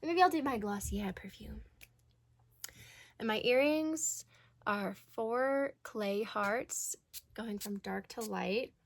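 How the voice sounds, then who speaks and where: A woman's voice: fairly high pitch, slow pace, creaky. A woman vlogger chatting casually and rambling as she gets ready for an event. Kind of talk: casual get-ready-with-me chat.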